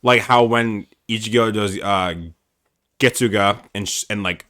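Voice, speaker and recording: A man's voice: fairly low pitch, fairly even intonation, unhurried, sharp tone, clear, resonant tone. A young man co-hosting a podcast, animatedly recapping an anime episode in casual, profane chat full of "like" and "basically". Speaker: podcast co-host.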